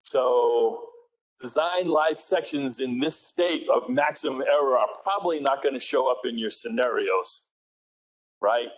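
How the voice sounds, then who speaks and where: A man's voice: medium pitch, measured pace, poor audio. A man with a New England accent giving a technical conference presentation in a conversational way, correcting himself and asking the audience questions.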